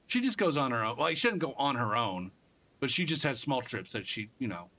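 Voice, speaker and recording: A man's voice: medium pitch, sing-song, fairly quick, bright, forceful tone. A man streaming a game live, chatting casually in a rambling, profane way with many restarts.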